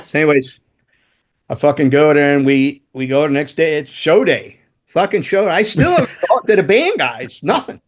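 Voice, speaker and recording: A man's voice: a little high, lively intonation, normal speed. A man, a podcast guest, telling rambling, profane backstage stories in a casual way. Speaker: podcast guest, former rock roadie. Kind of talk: casual storytelling.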